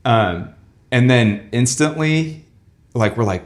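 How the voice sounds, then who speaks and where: A man's voice: on the low side, normal speed. A young man co-hosting a podcast, casually retelling a travel mishap with lots of quoted back-and-forth. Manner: rambling, animated retelling with quoted dialogue. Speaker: podcast co-host. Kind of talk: casual storytelling chat.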